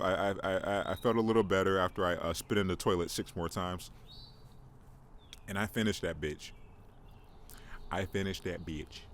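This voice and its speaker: A young man with a fairly low voice rambles through a casual podcast story, poking fun at himself and tripping over his words. A faint hiss of noise sits behind him. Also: a bit bright. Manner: rambling, self-mocking, stammers and repeats words. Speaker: podcast host. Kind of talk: casual monologue.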